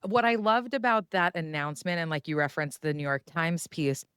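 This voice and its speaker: A woman's voice: low-pitched, fairly quick, a bit bright, clear, resonant tone, dry recording, clean studio sound. A woman hosting a podcast interview, conversational and friendly. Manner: friendly, conversational, laughs along. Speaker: podcast host. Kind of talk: casual interview chat.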